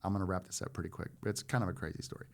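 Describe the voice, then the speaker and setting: A man in his forties, a former Marine guest on a podcast, telling a story in a loose, animated way and acting out what others said. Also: low voice, rapid-fire, gravelly. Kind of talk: casual storytelling.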